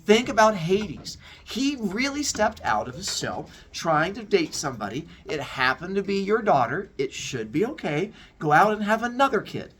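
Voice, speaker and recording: A man's voice: sits high, big pitch swings, normal speed, hardly any pauses, fairly bright tone, pitched above the performer's own voice. A man voicing a petulant, dismissive male sky-god king with a whining tone in a comic story.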